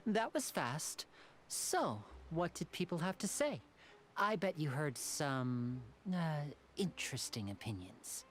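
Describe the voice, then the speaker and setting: An actress playing an earnest woman in a game, speaking in a measured, determined way. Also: deep voice, big pitch swings, a little hiss or hum, heavily acted.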